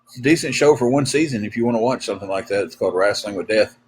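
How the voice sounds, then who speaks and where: A man's voice: lowish voice, rapid-fire, slight background noise, low-quality recording. A man hosting a livestream, telling rambling, folksy stories to his chat with many fillers and restarts. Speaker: livestream host. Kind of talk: casual storytelling to live chat.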